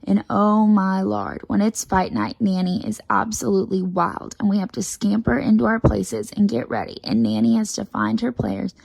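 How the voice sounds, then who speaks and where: Gravelly-voiced woman reading a children's book. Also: medium pitch, normal speed, hardly any pauses, no room sound, rough recording. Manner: lively first-person storytelling, mimicking a child's bossy chatter. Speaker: storybook reader for children. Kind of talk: reading a picture book aloud.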